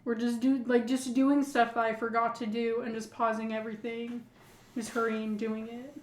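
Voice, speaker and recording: A woman's voice: a little high, little pitch movement, normal speed, roomy sound. A woman co-hosting a podcast in casual chat, rambling and saying "like" constantly. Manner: rambling, heavy use of "like". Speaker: podcast co-host.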